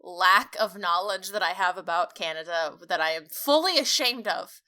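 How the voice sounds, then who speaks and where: A woman's voice: lowish voice, normal speed, bright, forceful tone. A young American woman co-hosting a podcast, joking and swearing, flustered and laughing often. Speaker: podcast co-host. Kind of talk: casual banter.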